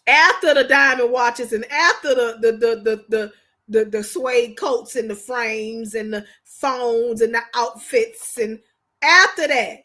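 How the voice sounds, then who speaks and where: A woman's voice: on the high side, a little slow, sharp tone. A woman hosting a livestream, talking casually and emphatically, often repeating herself for effect. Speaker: livestream host.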